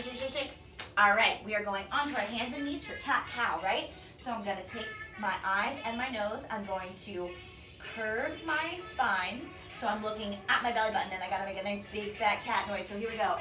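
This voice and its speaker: Music plays in an echoey home workout room as a young woman, captured by a camera across the room, leads an upbeat children's dance warm-up. Her fairly high voice moves fairly quickly while she counts beats aloud and offers bright, encouraging coaching.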